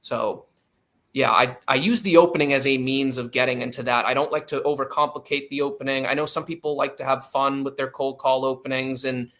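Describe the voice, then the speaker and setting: A man's voice: mid-range voice, a bit bright. A man who trains salespeople, explaining his approach in an interview and acting out phone lines with emphasis.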